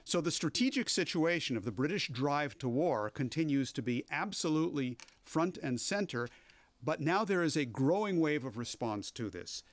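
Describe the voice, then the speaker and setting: Man giving a measured political briefing. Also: on the high side, lively intonation, no echo. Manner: measured, emphatic delivery with occasional fillers. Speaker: webcast presenter.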